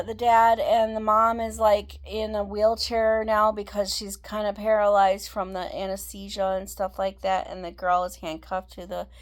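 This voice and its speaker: A woman's voice: medium pitch, a little mellow. Rambling woman vlogger recapping a film. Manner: rambling, many fillers and restarts, acts out quotes. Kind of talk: casual chat recapping a film.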